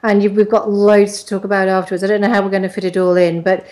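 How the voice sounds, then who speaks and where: A woman's voice: medium pitch, level tone, quick pace, darkish tone. A woman radio host running an interview, hesitant and full of "um" and "okay". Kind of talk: hosting an interview.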